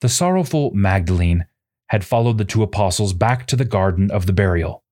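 A man giving scripted narration, reading formal scriptural prose in a solemn, measured way. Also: fairly low pitch, lively intonation, a little mellow.

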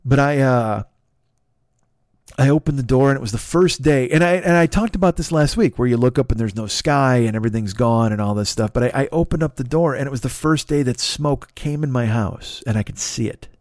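A man's voice: medium pitch, fairly quick, darkish tone, dry recording, studio quality. A man hosting a podcast, delivering a profane comedic rant with a raw throat. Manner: swears constantly, ranting and sarcastic. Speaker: podcast host.

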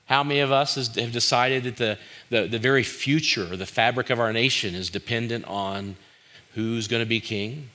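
A man's voice: medium pitch, moderate pace, pushed and bright. A middle-aged male pastor preaching a conversational sermon, firing rhetorical questions at the congregation and acting out quoted lines.

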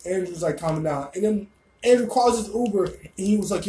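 A young man telling a story casually, animated, rambling and full of swearing. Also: high voice, brisk, echoey room, poor audio.

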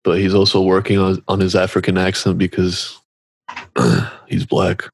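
A man's voice: low-pitched, measured pace, gravelly, slightly rough, no echo. A young man co-hosting a podcast, joking crudely and laughing between lines. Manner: joking, laughing often, trying out put-on accents. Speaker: podcast co-host. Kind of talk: crude casual banter.

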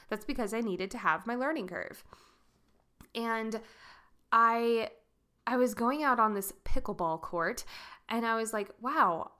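A woman's voice: medium pitch, a bit bright. A young adult woman hosting her own podcast as a coach, talking in a chatty, candid way with filler words and self-deprecating humor. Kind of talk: casual solo podcast talk.

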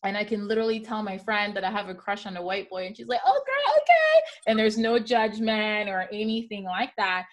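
A young woman from Gabon, speaking as a panelist in a casual discussion and telling candid, lively stories. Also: mid-range voice, brisk, few pauses.

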